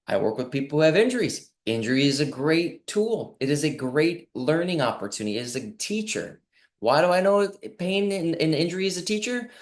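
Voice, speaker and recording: A man giving an earnest health talk as a reflective monologue, often acting out quoted voices and slowing down for emphasis. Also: fairly high pitch, animated. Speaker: clinic health speaker.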